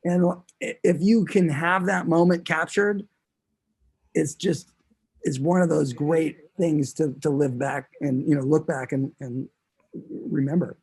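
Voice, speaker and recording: A man in casual conversation, telling stories in an earnest, relaxed and reflective way. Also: fairly high pitch, measured pace, slightly rough. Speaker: guest musician. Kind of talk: casual chat.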